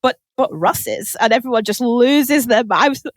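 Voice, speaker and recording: Animated high-voiced woman telling stories. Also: normal speed, no room sound. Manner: animated rambling storyteller, acting out quotes. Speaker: podcast co-host. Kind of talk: casual chat. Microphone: podcast microphone.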